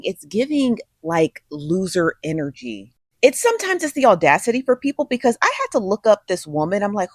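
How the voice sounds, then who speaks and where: A woman's voice: medium pitch, dry recording, clean studio sound. A woman doing reaction commentary in a sarcastic, mocking way.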